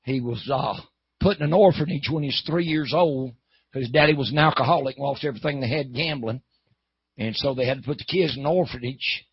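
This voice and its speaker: Gravelly male preacher, folksy sermon storyteller, husky, dry lo-fi sound. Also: mid-range voice, brisk, no room sound. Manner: folksy, builds to hollering. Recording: dull, lo-fi.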